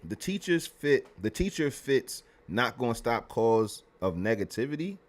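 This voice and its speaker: A man hosting a livestream, ranting in a heated, profane, animated way with loud bursts. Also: mid-range voice, a little slow. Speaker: livestream host.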